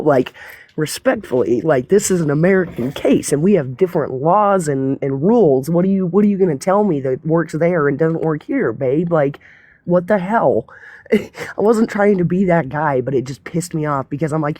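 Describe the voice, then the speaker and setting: A woman's voice: deep voice, moderate pace, dry recording. A woman hosting a live stream in casual chat, telling stories with frequent swearing and laughter. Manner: profane, laughing, animated storytelling.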